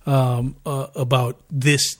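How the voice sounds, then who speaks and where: A middle-aged man co-hosting a podcast in casual chat, a rambling storyteller who gets animated and laughs often. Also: medium pitch, slow pace. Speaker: podcast co-host.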